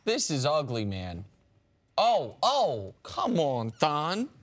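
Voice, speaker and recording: A man hosting a sports talk show in casual debate, animated and dropping low and quiet at the end of each point. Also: takes it slowly.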